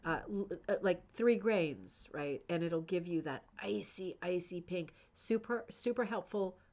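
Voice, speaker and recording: A woman's voice: lowish voice, a little slow, darkish tone. A woman hosting a rug hooking club's live stream, chatting enthusiastically about a book and reading out viewer comments. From United States. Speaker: host of a rug hooking club channel.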